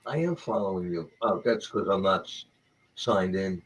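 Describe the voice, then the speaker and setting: A man on a video call from home late at night, halting and clearing his throat with a frog in his throat. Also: low-pitched, animated, rough recording. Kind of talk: casual chat on a call.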